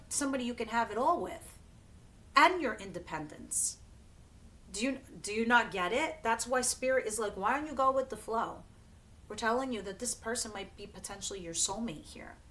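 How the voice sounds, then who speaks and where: A woman's voice: on the high side, a bit bright, slight background noise. A woman giving a casual tarot reading, talking bluntly and straight to the viewer and swearing freely. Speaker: tarot reader.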